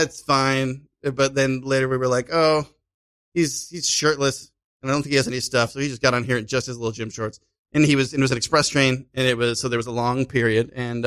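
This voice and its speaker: A man's voice: mid-range voice, a bit bright. A man from Chicago, a podcast guest, telling a story in casual chat and acting out voices and sounds as he goes.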